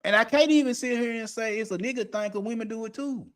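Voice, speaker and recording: A man's voice: extremely high pitch, fast. A man hosting an unscripted monologue, blunt and profane, laughing often as he talks. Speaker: podcast host.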